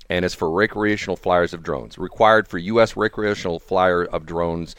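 A man's voice: deep voice, normal speed, hardly any pauses, dry recording, clean studio sound. A man hosting a radio morning show, chatting casually and rambling, with frequent laughs. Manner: animated, rambling, laughs often. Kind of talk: casual on-air chat.

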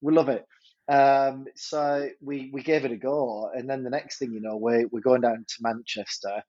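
A head teacher, telling a story in a podcast interview, animated and stumbling over repeated words. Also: male voice, medium pitch, normal speed, highs cut off.

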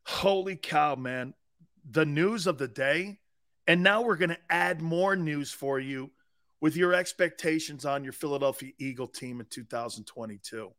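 A middle-aged man hosting a sports talk show, rambling loudly with frequent laughs between topics. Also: fairly high pitch, normal speed, dry recording, studio quality. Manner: loud, laughing, rambling banter. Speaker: sports radio host.

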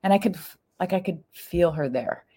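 A woman's voice: moderate pace, mellow, breathy edge. A middle-aged woman telling a personal story in a chatty, casual way, full of fillers and acting out what people said. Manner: chatty, full of "like" fillers, acts out quoted lines with big pitch jumps.

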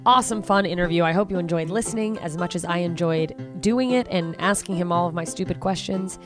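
A woman hosting a podcast, blunt and sarcastic, swearing freely as she chats and wraps up the episode. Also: mid-range voice. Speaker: podcast host. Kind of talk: casual podcast chat and outro.

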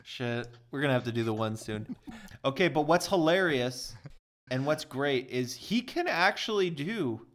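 A man's voice: mid-range voice, lively intonation, unhurried. A man co-hosting a movie podcast, arguing his side with frequent laughter and casual swearing. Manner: laughs often, swears casually, mock courtroom argument. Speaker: podcast co-host. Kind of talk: casual movie-review banter.

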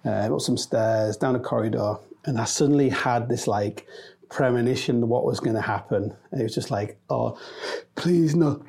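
A man's voice: medium pitch, fairly even intonation, normal speed, vocal fry, darkish tone, husky. A man telling a rambling, sweary, self-mocking anecdote in a casual chat. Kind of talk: casual storytelling.

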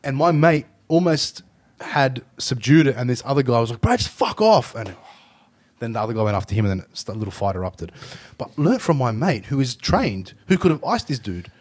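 Sweary, animated Australian man host. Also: medium pitch, fairly quick. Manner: sweary, animated storyteller acting out quoted voices. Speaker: podcast host. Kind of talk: casual podcast chat.

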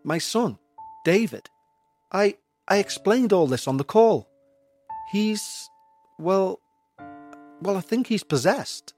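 A man's voice: sits high, animated, slow, pauses often, a little mellow, soft background music, voice pushed up. A man voicing a frantic, pleading mother. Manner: urgent, insistent, stammering. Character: anxious pleading mother, middle-aged woman.

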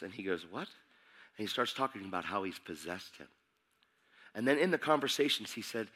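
Bright-voiced excitable male preacher. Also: lowish voice, moderate pace, husky. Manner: excitable, preaches with rising intensity. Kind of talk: sermon.

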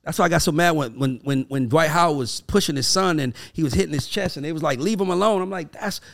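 A man in his thirties co-hosting a casual talk show, telling loud, animated stories. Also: on the high side, quick pace, vocal fry. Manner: loud, animated storytelling with profanity. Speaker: podcast co-host. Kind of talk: casual chat.

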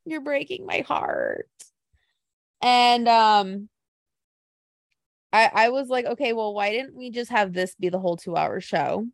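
A woman co-hosting a casual podcast chat, telling stories in an animated, gushing way. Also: mid-range voice, a little slow, dry recording, studio quality.

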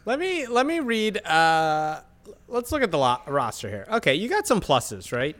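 A man's voice: fairly high pitch, wildly swooping pitch, normal speed, fairly bright tone. A man co-hosting a podcast, mocking a team's roster in a dry, wry way. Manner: dry, mocking, reads off stats. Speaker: podcast co-host. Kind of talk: casual sports banter.

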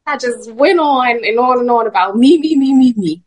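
A woman guest sharing a personal faith testimony in animated storytelling that is often broken by laughter. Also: on the high side, moderate pace. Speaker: podcast guest.

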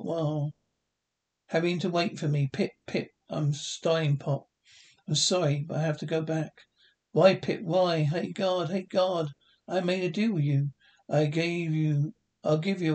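A grieving middle-aged father, pleading, stammering, fairly high voice, old TV drama. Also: darkish tone. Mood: desperate. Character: grieving older male bookie and drunk, desperate father. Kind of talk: 1960s TV drama acting.

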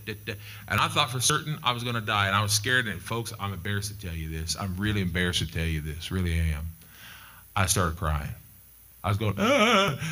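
A middle-aged male pastor preaches a sermon, telling stories and repeating key points for emphasis. His voice is fairly low with a sharp tone, and his manner is emphatic and repetitive.

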